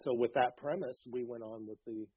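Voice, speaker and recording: Male guest, mid-pitched and husky, hesitant storyteller, dry muffled sound. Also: fairly even intonation, fairly quick, dry recording. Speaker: guest, author. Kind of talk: casual interview chat. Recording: dull lo-fi sound.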